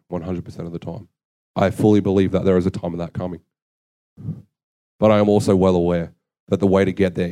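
A dark-toned, deep male voice belongs to a young adult delivering a sermon. He speaks earnestly and conversationally, poking fun at himself through his stories.

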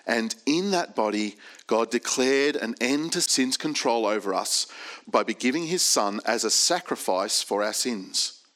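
Slow, deliberate male preacher. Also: medium pitch, fairly bright tone. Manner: slow, deliberate, stressing key words. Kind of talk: sermon with scripture reading.

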